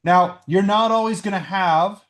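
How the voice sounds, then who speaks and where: A man's voice: high-pitched, measured pace, a bit bright. A man teaching a recorded math lesson at home into a computer microphone. He works through the calculations aloud and keeps checking in with "right?".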